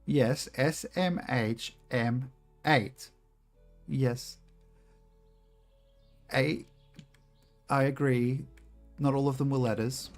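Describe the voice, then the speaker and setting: A man's voice: medium pitch, steady tone, extremely slow, pauses often, faint music behind. Young Australian male streamer, casual and joking, swears a lot. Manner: loose and joking, swears freely, laughs often. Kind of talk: casual gameplay commentary, chatting with viewers.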